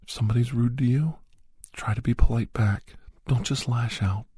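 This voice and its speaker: A man speaking soft, repetitive, earnest self-affirmations in a breathy, half-whispered voice. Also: medium pitch, moderate pace, no room sound, studio quality.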